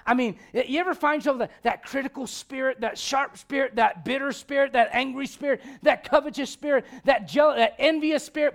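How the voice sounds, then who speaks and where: A man preaching a sermon as a pastor, swinging from loud emphatic lines to hushed ones, with joking asides. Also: extremely high pitch, normal speed, few pauses.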